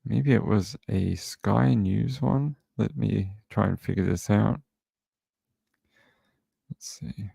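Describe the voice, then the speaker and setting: A man's voice: lowish voice, slow, gravelly, pauses often, dark tone, breathy edge, no room sound, studio quality. A man hosting a true crime livestream, rambling casually and thinking aloud.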